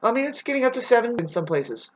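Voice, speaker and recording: Woman, spiritual vlogger, rambling and cussing, loud one moment and mumbling the next. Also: very animated, quick pace, low-quality recording. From United States. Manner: agitated and profane, swinging between loud outbursts and low muttering.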